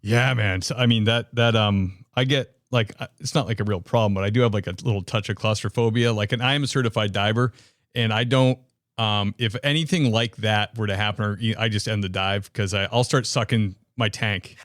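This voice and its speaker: A man's voice: lowish voice, fairly even intonation, brisk, a bit bright, no room sound, clean studio sound. A man hosting a podcast, asking easygoing questions full of fillers. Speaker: podcast host. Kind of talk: casual interview chat.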